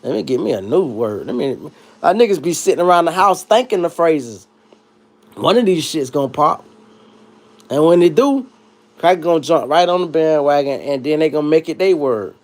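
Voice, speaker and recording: A man's voice: fairly high pitch, animated, moderate pace, a little mellow. A man hosting a livestream, talking in a casual, profane and joking rant. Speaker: livestream host.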